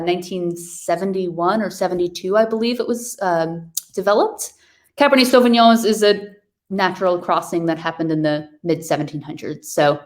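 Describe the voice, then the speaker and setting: A woman from New York hosting a virtual wine tasting over a video call, chatting casually and describing wines with enthusiasm. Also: fairly low pitch.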